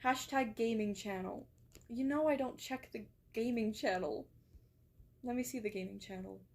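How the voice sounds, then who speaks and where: Young woman streamer from England, higher voice, loose and chatty, swears casually. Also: moderate pace. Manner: chatty, rambling, swears and laughs easily. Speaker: streamer reading chat. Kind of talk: casual live-stream chat.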